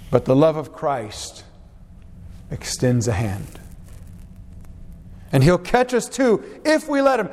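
A man's voice: fairly high pitch, huge pitch swings, takes it slowly, pauses often, a little mellow. A man preaching a sermon, reading scripture aloud with earnest, dramatic rises and drops in his voice. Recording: long hall reverb.

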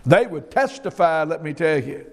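A middle-aged man delivers a sermon in a rather high, sing-song voice at a moderate pace. His style is emphatic and folksy, with frequent repetition of his words, and a long hall reverb surrounds him.

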